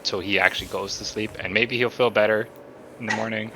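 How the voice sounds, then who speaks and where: A man's voice: lowish voice, fairly even intonation, brisk, noisy background. A man playing his character in a tabletop game, playful and rambling with jokes. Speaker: player voicing his character Tiny. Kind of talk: in-character tabletop role-play.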